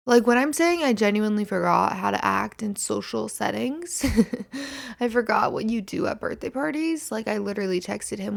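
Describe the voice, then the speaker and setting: A woman's voice: medium pitch, animated, normal speed, creaky. A hungover woman in her twenties hosting a casual solo podcast, rambling and self-mocking and swearing freely. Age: 20s. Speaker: podcast host.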